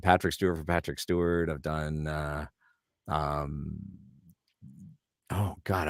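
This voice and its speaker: A middle-aged voice actor telling lively anecdotes as an interview guest. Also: male voice, deep voice, no room sound, clean studio sound. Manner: lively, fast-moving anecdotes. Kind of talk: anecdotal storytelling.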